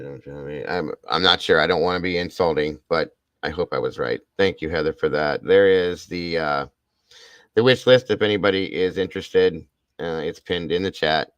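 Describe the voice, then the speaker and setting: Livestream host, male, very low voice, gushing and heartfelt, close dry mic. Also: dry recording. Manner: emotional, effusive, repeats thanks and praise. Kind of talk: casual livestream chat thanking viewers.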